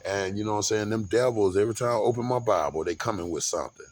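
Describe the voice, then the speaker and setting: A man with a somewhat low voice tells a rambling, casual story straight to his audience. He curses freely and trips over his own words, restarting phrases again and again. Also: quick pace. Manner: rambling, profane, with repeated restarts. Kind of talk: casual monologue recounting a bus trip.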